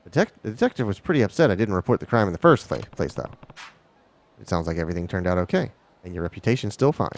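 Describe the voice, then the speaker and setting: A man's voice: low-pitched, sing-song, quick pace. A man streaming a game live, reading the characters' lines aloud and sometimes stumbling over words.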